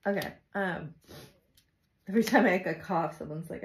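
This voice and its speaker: Tarot reader, woman, low and creaky, loose chatty delivery full of asides. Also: measured pace, rough recording. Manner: chatty and intuitive, with frequent fillers and asides. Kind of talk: casual tarot love reading.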